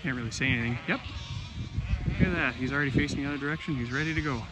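Outdoors on a farm hillside and in the woods, a male farmer herds his flock and chats casually in a folksy, rambling way, talking to his animals as he goes. His mid-range voice comes out rapid-fire, with outdoor noise and sheep bleating behind him.

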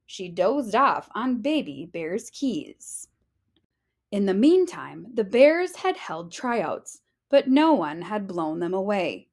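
Teacher reading a storybook aloud, sing-song rhyming delivery, unhurried, lively pitch. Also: female voice.

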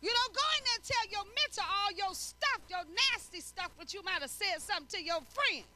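A middle-aged woman preaching a sermon in a lively, conversational way, using everyday speech and acting out little dialogues. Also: very high voice, brisk. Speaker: prophetess preaching.

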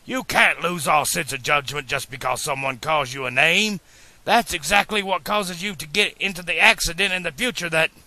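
A man's voice: mid-range voice, moderate pace, few pauses, sharp tone, no room sound. A man reading an audiobook, voicing an eccentric older male scientist who speaks sternly and urgently.

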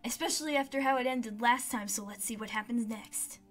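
Woman let's-player, excited and chatty, high clear bright voice. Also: a little fast. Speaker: game streamer. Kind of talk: let's-play commentary, reading game text aloud.

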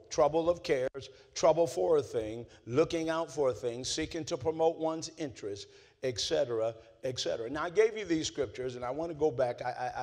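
A male pastor delivers a sermon in a fairly high voice. He drops low and quiet, then climbs into shouts, and keeps asking the congregation to answer back. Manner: call-and-response preaching, swings from low and quiet to shouting.

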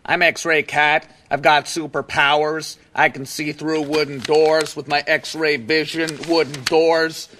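A man's voice: little pitch movement, slow, hardly any pauses, sharp tone. A man voicing a goofy, boastful male superhero cat who rambles in a silly way. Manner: rambling, silly, with squeaky quoted voices.

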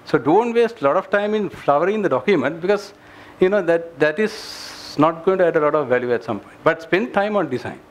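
A man's voice: a little high, lively intonation, a little fast. Earnest man giving a tech talk. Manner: earnest, advisory, many fillers and restarts. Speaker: engineering director giving a meetup talk. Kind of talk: conference presentation. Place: meetup venue with an audience.

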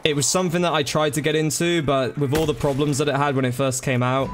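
A man's voice: fairly high pitch, fairly even intonation, quick pace, music in the background. A man chatting casually to viewers during a live gaming stream, thanking them by name and calling them bro and dude.

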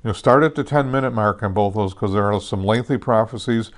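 A man's voice: lowish voice, brisk. A man pastor teaching a sermon in a conversational way, often asking "amen?" and "okay?", with many restarts and self-corrections. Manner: conversational, repeats "okay" and "amen" checks with listeners.

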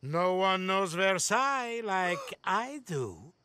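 A man's voice: high voice, very animated, takes it slowly, pushed and bright, smooth, full character voice. A man voicing a pompous, scheming would-be king who talks in a grand, gloating way. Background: cartoon music score.

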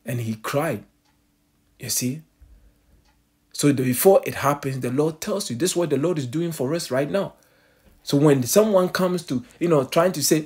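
A man's voice: medium pitch, moderate pace, pauses often, darkish tone, slightly rough. A man preaching a sermon, calling his listeners family and answering his own rhetorical questions.

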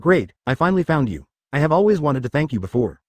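Male text voice reading a blunt, eager young woman fighter from a machine-read fan story, fast and lively, dry close sound. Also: on the high side. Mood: plain. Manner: plain read voice, no change for the role.

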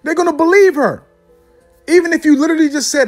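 A man preaching a fiery sermon, ending nearly every line with "man" and slowing down to read scripture solemnly. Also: very high voice, soft background music. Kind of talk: fiery street-style sermon with scripture readings.

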